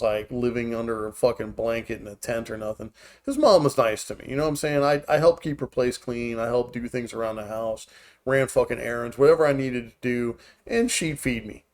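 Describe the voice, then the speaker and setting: A man's voice: medium pitch, a little mellow. A man in his forties hosting a podcast, telling a story in loose, profane, rambling talk. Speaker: podcast host. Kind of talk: casual chat.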